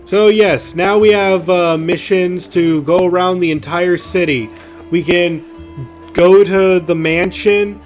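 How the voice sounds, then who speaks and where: A man casually commenting on his gameplay as a let's play host, halting and rambling as he thinks aloud. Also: sits high, fairly even intonation, faint music behind. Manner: rambling, halting, with fillers and restarts.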